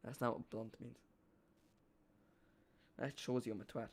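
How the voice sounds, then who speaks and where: A man's voice: medium pitch, steady tone, measured pace, vocal fry. A man hosting a live football watch-along, rambling and joking with his chat while calling the play.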